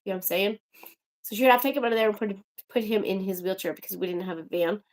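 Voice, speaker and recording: A young woman hosting a casual livestream chats to her viewers very fast in a medium-pitched voice. She rambles and sounds exasperated.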